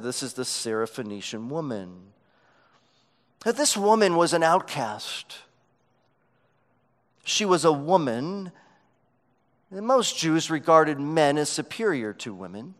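Male pastor, high-pitched voice, unhurried delivery, sermon in a long-reverb sanctuary. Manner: preaching with emphatic swells and dropping to quiet lows.

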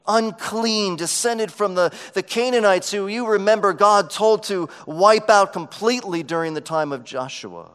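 Male pastor, high-pitched voice, unhurried delivery, sermon in a long-reverb sanctuary. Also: clean tone. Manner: preaching with emphatic swells and dropping to quiet lows.

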